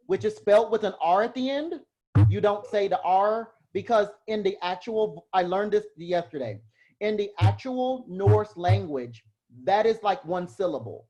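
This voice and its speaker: A man giving a casual lecture to a live class on heraldry, chatty and self-deprecating, quick to laugh at himself. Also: sits high, darkish tone.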